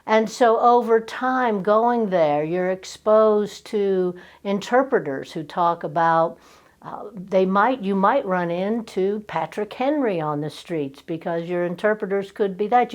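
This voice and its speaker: Slow-spoken woman with a soft Virginia accent. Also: mid-range voice. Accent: slight Virginia Southern. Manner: conversational, personal storytelling. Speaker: minister giving a talk. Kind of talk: sermon talk. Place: church.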